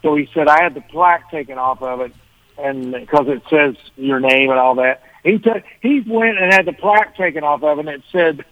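A man's voice: on the high side, moderate pace, no echo. A man, a guest musician, telling rambling stories in a casual interview, often restarting and chuckling. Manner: rambling, self-correcting, chuckling. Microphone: phone. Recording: tinny phone line.

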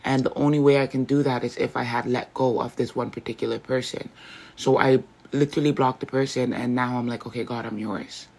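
A woman's voice: extremely low pitch, little pitch movement, fairly quick, a little mellow. Earnest woman hosting a faith podcast. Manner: earnest, rambling, self-correcting. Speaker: podcast host.

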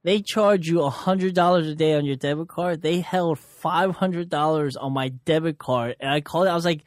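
A man's voice: a little high, moderate pace, no echo. A young man, a comedian, telling stories in a casual chat in a dry, sarcastic way with a lot of swearing. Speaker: comedian guest.

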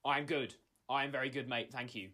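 A man's voice: mid-range voice, steady tone, a little fast, bright, forceful tone. A man voicing a boastful young male internet comedian who keeps saying "mate". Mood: cocky.

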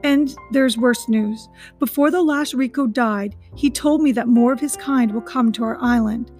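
A woman reading aloud, voicing a gentle and wise female robot who speaks in earnest, measured sentences. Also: on the high side, faint music behind, lightly acted.

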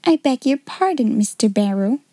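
A woman's voice: big pitch swings, measured pace, dark tone, no echo, studio quality. A woman voicing a proud, rigid schoolmistress in a storybook reading, stiff and formal in manner. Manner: stiff, shrill when alarmed.

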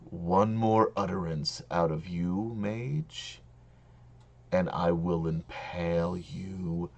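Man doing a huge black dragon, menacing, low slow threatening voice, quiet and dark. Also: gravelly, exaggerated voice.

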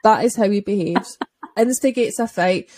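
A young Scottish woman, a dog trainer, chatting casually on a podcast and telling lively stories, acting out quick voices and swearing freely. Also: medium pitch, dry recording. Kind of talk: casual chat.

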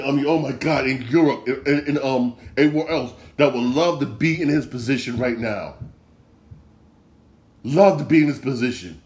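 A man hosting a sports podcast, ranting heatedly with a lot of swearing and repetition. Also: medium pitch.

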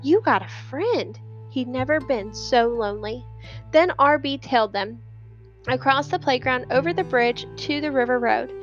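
A woman narrating an audiobook in an expressive storytelling manner. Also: high-pitched, normal speed, lo-fi sound, soft background music. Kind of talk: scripted narration.

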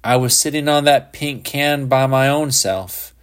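In a storybook reading, a man voices a sly, mocking teenage boy with a clubfoot. He uses a mid-range voice, speaking a little slowly, pitched above his own natural voice yet close to an everyday one.

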